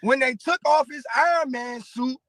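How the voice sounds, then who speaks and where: A man in an interview clip, telling a story in a halting, rambling way with many pauses and restarts. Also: very high voice, vocal fry, fairly bright tone, dry recording, rough recording. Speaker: battle rapper in interview clip.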